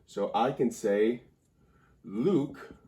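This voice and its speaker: A man plays a mock grammar teacher in a comedic whiteboard lesson, talking slowly in a low, mellow voice. He rambles in a wry, mock-serious way. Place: indoor room by a whiteboard.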